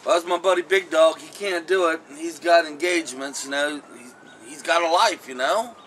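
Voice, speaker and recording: A man's voice: on the high side, moderate pace, a bit bright, slight background noise, rough recording. A man hosting a comic vlog skit, rambling and acting out phone calls. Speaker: comedy vlog host.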